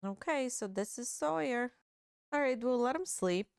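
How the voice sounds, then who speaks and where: A woman's voice: on the high side, animated, normal speed, creaky, smooth, dry recording. A young adult woman hosting a gaming video, giving chatty, playful, gossipy commentary into a close mic. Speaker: gaming channel host. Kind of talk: casual game commentary.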